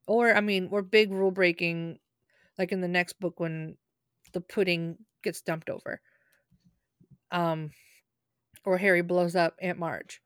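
A woman's voice: mid-range voice, fairly even intonation, slow pace, long pauses, clear, resonant tone, no room sound, studio quality. A woman leading a casual book discussion, chatty and full of fillers and laughs.

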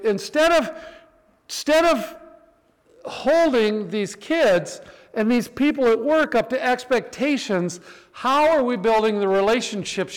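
A man preaching a sermon in an animated storytelling way, acting out voices in his stories, with a reverberant church hall around him. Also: very high-pitched, smooth.

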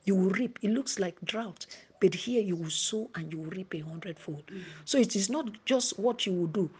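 A woman preaching a sermon, dropping to a hushed whisper at times and rising to emphasis. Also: mid-range voice, normal speed, breathy edge.

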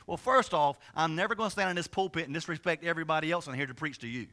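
A male pastor preaching in a lively, conversational way, stumbling over words and tossing in asides to his congregation. His voice sits high for a man and has a bright, forceful edge. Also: quick pace. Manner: energetic, conversational, many restarts and asides. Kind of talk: sermon.

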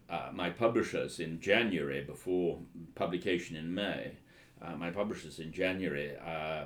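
A man, a historian and author, telling anecdotes in an interview, hesitant with many fillers and restarts, and wryly amused. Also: low voice. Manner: hesitant, full of ums and restarts, wry.

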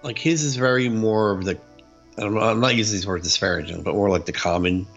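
A man's voice: on the low side, brisk, creaky. A man in casual chat who talks animatedly and breaks into mock voices. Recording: dull lo-fi recording with faint music.

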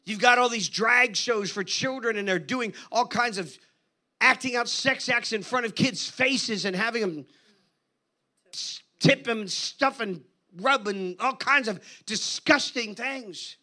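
Bright, high-voiced man preaching a sermon. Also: unhurried. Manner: animated, conversational storytelling. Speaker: guest preacher. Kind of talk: sermon storytelling.

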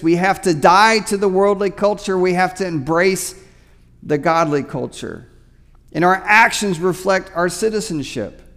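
Guy pastor preaching, kinda high voice, chatty, trips over words a lot, long echo from the church hall. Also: fairly bright tone. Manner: conversational preaching, often repeats words. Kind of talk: sermon. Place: church sanctuary.

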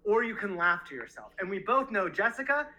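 A man's voice: high voice, very animated, a little fast, pushed and bright, slight background noise, rough recording. A man co-hosting a book discussion podcast, talking reflectively and reading quotes aloud. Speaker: podcast co-host.

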